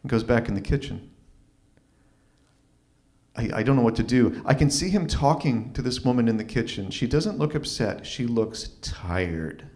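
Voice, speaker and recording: A man's voice: medium pitch, lively intonation, moderate pace, a little mellow. A man performing a live open mic story, wry and self-deprecating, with stumbling restarts, into a stage microphone. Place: small arts venue stage.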